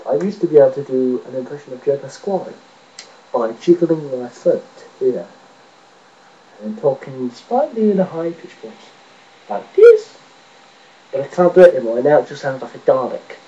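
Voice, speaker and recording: A man's voice: medium pitch, expressive, brisk, dark tone, lo-fi sound, slight background noise. A man rambling and joking casually to his webcam, swearing now and then and mocking himself. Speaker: vlogger. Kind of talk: casual rambling video chat.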